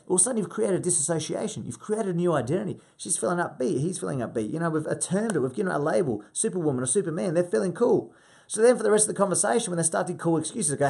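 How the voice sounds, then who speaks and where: Man, 30s, sales coach, energetic, sweary, husky voice, quick delivery. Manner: energetic, swearing, acts out client calls with big pitch jumps. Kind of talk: coaching talk to a sales team.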